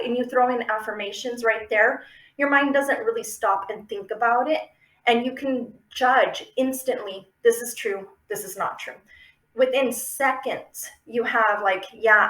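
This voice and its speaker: A woman's voice: on the high side, a bit bright. A woman giving a casual, chatty how-to talk on affirmations, often checking in with the listener. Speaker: affirmation practice teacher. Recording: roomy, echoey room.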